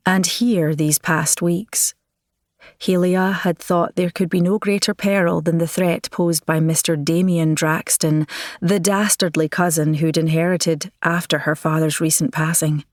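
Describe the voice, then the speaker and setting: A woman with a fairly low-pitched voice narrates a romance audiobook, telling the story in a measured, expressive manner. She is recorded dry on a close studio mic.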